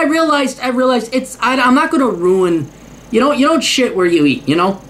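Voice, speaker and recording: A worked-up man delivering a profane, sarcastic rant to camera. His pitch swings widely, climbing and dropping with the emphasis. The talk is blunt and scornful throughout. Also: lively intonation, fairly quick, fairly bright tone, a little hiss or hum. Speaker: host. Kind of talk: ranting monologue.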